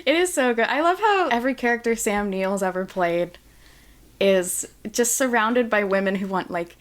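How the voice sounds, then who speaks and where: A woman's voice: on the high side, expressive, moderate pace. A woman chatting casually on a podcast, often laughing and putting on mocking voices. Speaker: podcast guest.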